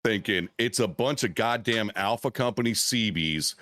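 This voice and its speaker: A man's voice: fairly low pitch, moderate pace, bright, forceful tone. A veteran man on a podcast telling a profane, rambling war story with frequent restarts and swearing. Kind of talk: casual storytelling chat.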